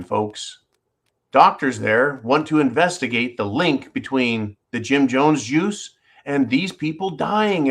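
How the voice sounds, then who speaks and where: A man hosting a live show, ranting in a heated, profane way, repeating himself and calling his listeners "folks.". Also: mid-range voice. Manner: fired-up, profane, repeats phrases, addresses "folks". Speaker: host of a live call-in show. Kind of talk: heated political rant.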